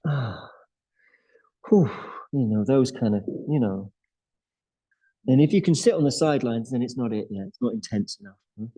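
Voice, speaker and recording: A man leads a yoga class in a studio, his voice mellow and low in brightness. He talks in a loose, chatty way, laughing often between his cues. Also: animated, normal speed, long pauses, husky, rough recording. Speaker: yoga teacher. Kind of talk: guiding a live yoga class.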